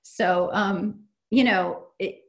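A woman farmer answering questions in a casual online panel, energetic and self-deprecating, rambling with restarts. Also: medium pitch, very slow, faint music behind.

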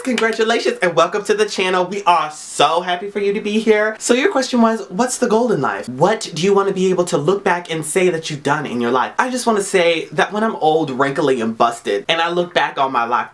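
A young man in a casual question-and-answer vlog, talking in a sassy, profane and very expressive way, with big swings in pitch for emphasis. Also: brisk, hardly any pauses. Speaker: vlogger.

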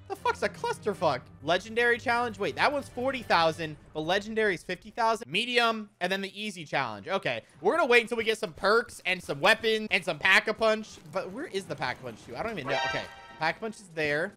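A man giving casual gameplay commentary, excitable, often swearing and laughing at surprises. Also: high voice. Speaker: gaming YouTuber.

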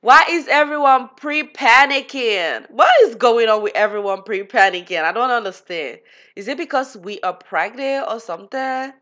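A woman's voice: on the high side, normal speed, fairly bright tone. A woman giving casual gameplay commentary, chatty and giggly, talking to her game characters as she plays. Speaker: gaming channel host.

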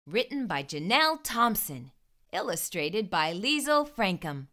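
Bright, lively woman reading to kids. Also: medium pitch, a little slow. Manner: warm expressive read-aloud. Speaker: children's storytime host. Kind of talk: read-aloud storytelling for kids.

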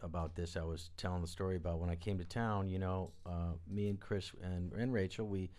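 A man, a guest on a live studio interview, telling rambling, animated stories and acting out the people he quotes. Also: low voice, fairly quick. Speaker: guest, record producer and drummer. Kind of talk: anecdotal storytelling interview.

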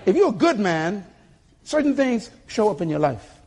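An older man preaching a sermon to a church congregation with a husky voice, emphatic and calling for responses. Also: high-pitched, big pitch swings, moderate pace, a little mellow. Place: church sanctuary.

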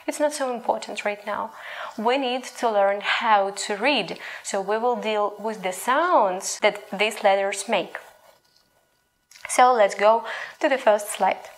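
A young native Ukrainian speaker with a Ukrainian accent and a slightly high voice teaches a language lesson in English. She patiently models each sound aloud.

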